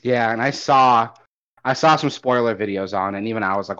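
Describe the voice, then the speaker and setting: A man's voice: medium pitch, fairly quick, smooth. Rambling young man, lo-fi audio. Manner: rambling, animated, swears casually. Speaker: podcast co-host. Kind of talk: casual gaming chat. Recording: dull lo-fi audio.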